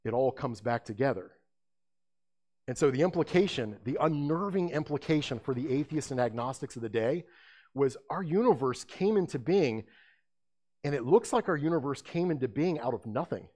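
Man giving a lively sermon-style talk. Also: medium pitch, moderate pace. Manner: lively, conversational, asks the audience questions. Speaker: speaker presenting apologetics.

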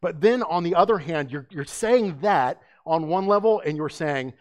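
A man's voice: a little high, animated, normal speed, hardly any pauses. A man preaching an emphatic sermon as pastor, asking his listeners rhetorical questions.

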